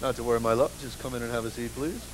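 A man doing a deep, hushed, courtly husband. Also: very fast, slight background noise, close to an everyday voice, poor audio. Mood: suave. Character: overly formal doting husband serving his wife.

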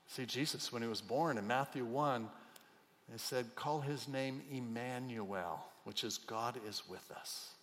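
A middle-aged man preaching a sermon as a pastor, emotional, moving between soft, hushed passages and loud, emphatic outbursts. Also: medium pitch, unhurried, slight background noise. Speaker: pastor and chaplain. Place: church hall. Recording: long hall reverb.

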